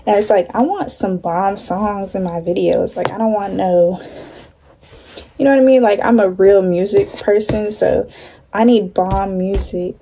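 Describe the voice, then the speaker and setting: A woman's voice: mid-range voice, unhurried, mellow, a little hiss or hum. A young woman with a light Southern accent, talking in a chatty, slangy, rambling way as she vlogs. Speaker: vlogger. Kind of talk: casual vlog chat.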